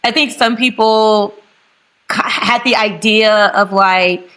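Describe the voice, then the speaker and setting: A woman's voice: medium pitch, fairly even intonation, slow pace, fairly bright tone, clean tone, low-quality recording. A young woman with a St. Louis accent talks candidly on a video call. She is a guest on a podcast, and she chats freely and laughs easily. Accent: St. Louis, Missouri. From St. Louis, United States. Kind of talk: casual podcast chat over video call.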